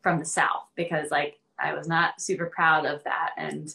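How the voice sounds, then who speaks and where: A woman's voice: low voice, flat delivery, moderate pace, vocal fry, bright, forceful tone. A young woman from Arkansas speaking as a podcast guest, earnest and casual with many fillers. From Central Arkansas. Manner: earnest, many ums and likes, laughs easily.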